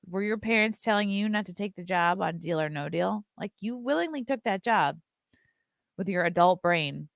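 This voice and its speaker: A woman's voice: fairly low pitch, vocal fry, dry recording, studio quality. A woman hosting an opinionated commentary show, ranting with sarcasm and profanity. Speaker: host.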